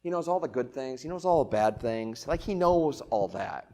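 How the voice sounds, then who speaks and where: A man preaching a sermon in a casual, conversational way, asking rhetorical questions and swinging between loud emphatic lines and quiet ones. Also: mid-range voice, expressive, moderate pace. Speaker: pastor.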